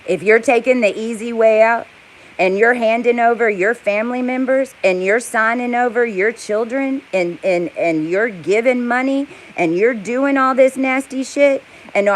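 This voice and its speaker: A woman's voice: medium pitch, a little hiss or hum, poor audio. A woman delivering an angry, profane, rambling rant to camera. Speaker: vlogger. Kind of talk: heated monologue to camera.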